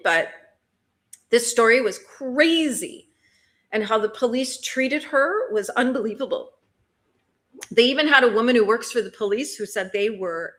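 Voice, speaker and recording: With a medium-pitched, slightly bright voice, a female livestream host runs a cozy productivity stream. She chats in a relaxed way, replies to viewer comments, asks plenty of questions and laughs often.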